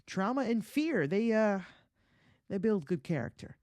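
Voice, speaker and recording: A woman's voice: mid-range voice, sing-song, measured pace, darkish tone, no echo. A woman hosting a comedy podcast, telling a folk tale in a chatty, profane way and laughing often at her own jokes. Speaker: podcast host.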